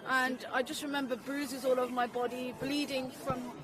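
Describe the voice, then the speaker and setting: A woman speaks slowly and haltingly at a street protest, her voice on the high side. Loud crowd noise carries on around her. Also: little pitch movement. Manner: slow, halting. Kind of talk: personal testimony at a rally. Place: outdoors on a city street at a protest.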